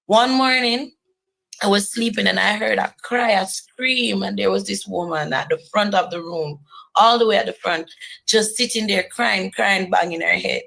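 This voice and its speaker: Earnest woman with a gravelly voice. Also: medium pitch, normal speed, a bit bright, poor audio. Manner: earnest, emphatic, repeats phrases for weight. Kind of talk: personal testimony to camera.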